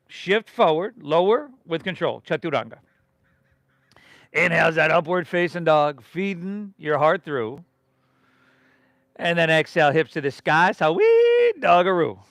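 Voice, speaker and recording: Man, yoga instructor, encouraging breath cues, fairly high voice, dry close sound. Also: a little slow, fairly bright tone, dry recording. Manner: encouraging, rhythmic breath cues with casual asides. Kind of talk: live-streamed yoga class cues.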